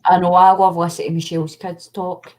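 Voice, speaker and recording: A woman's voice: lowish voice, little pitch movement, fairly quick, darkish tone. A woman with a Scottish accent chatting casually, telling fond family stories and imitating the people in them. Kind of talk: casual chat.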